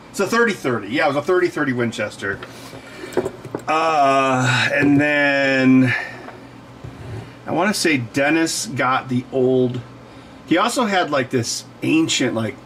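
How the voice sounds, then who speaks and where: A man with a slightly bright mid-range voice chats casually on his livestream while working, and the recording quality is low. His storytelling rambles and digresses, and he laughs and corrects himself often.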